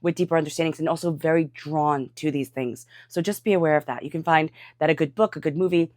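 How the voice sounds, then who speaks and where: A woman with a congested, stuffy voice, giving a calm tarot reading. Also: low-pitched, fast talker, no room sound, clean studio sound. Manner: calm, soothing guidance. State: congested from a cold. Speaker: tarot reader.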